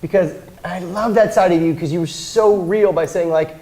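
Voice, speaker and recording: A man's voice: sits high, moderate pace, warm tone, rough recording. A man hosting a casual interview, earnestly steering the guest with his questions. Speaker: interview host.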